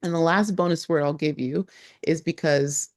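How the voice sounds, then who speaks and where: A woman with a low-pitched voice talks viewers through a few local greetings in a relaxed vlog. She's from Nigeria, laughs easily, and slows right down whenever she spells a word letter by letter. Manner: lively, laughs often, spells words out slowly. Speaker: travel vlogger. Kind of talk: casual teaching of travel phrases.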